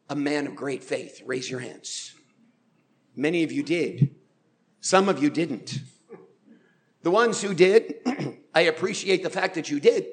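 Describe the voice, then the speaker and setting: A man preaching a sermon in a church, drawing the congregation in with questions and light humor, slowing to stress key words. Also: on the high side. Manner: engages the congregation with questions and show of hands. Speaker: pastor. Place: church sanctuary.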